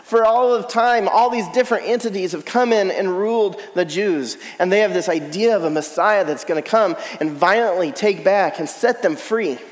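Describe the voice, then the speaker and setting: Man, pastor, sermon, high voice, animated delivery, long hall reverb. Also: normal speed, hardly any pauses. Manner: animated, acts out quoted voices.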